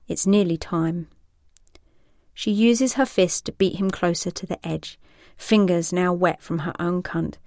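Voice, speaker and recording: Woman narrator with a low voice for an adult audio story. Slow and sensual, with a dry close sound. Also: no echo. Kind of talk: scripted erotic story narration.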